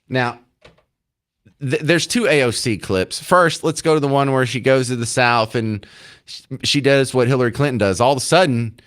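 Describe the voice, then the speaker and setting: A man's voice: medium pitch, moderate pace, fairly bright tone. A male talk radio host commenting sarcastically and acting incredulous at clips.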